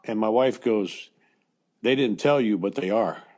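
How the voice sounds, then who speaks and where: An older American man, a former baseball coach, telling personal stories in an interview in a halting way with frequent restarts. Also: fairly low pitch, darkish tone. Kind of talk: emotional storytelling interview.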